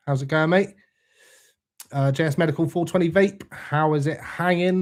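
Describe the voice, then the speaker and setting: A man's voice: on the high side, measured pace. Laid-back man reading live chat. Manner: laid-back, swears freely, greets viewers by name. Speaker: livestream host reading chat.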